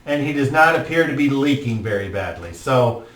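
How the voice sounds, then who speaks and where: Male game master, descriptive and halting, recorded at a distance in a roomy space. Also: medium pitch, expressive, fairly bright tone. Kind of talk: narrating a tabletop game. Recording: roomy room, mic far off.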